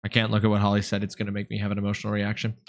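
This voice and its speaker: A man live-streaming, chatting with his viewers in a lively, mock-indignant way and swearing freely. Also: lowish voice, racing. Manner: animated, mock-indignant, swears freely, talks straight to chat.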